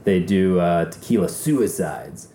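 Low-voiced man telling a story. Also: animated, unhurried, mellow, roomy sound, a little hiss or hum. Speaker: guest, race car driver. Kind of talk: casual storytelling.

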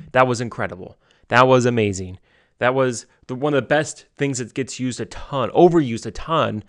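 A young man giving solo sports commentary from home, excitable and gushing, often repeating and restarting himself. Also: mid-range voice, no room sound, clean studio sound. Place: home basement.

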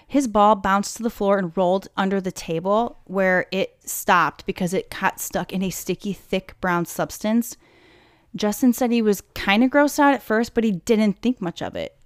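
A woman's voice: mid-range voice, moderate pace, smooth, no echo, clean studio sound. Candid woman narrating true crime. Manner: swearing, indignant asides, drops to whispers. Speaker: true crime podcast host. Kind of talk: casual storytelling with commentary.

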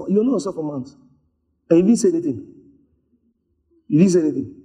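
A man preaching a sermon, telling stories in an animated way and slipping into voices for the people in them. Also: fairly high pitch, fast talker. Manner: animated storytelling, acts out voices.

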